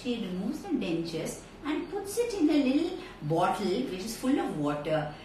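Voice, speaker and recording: A woman telling a story to children in an animated, direct way, streamed live from a phone. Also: fairly high pitch, normal speed. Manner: animated, talks straight to children. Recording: echoey room, far from mic, faint noise.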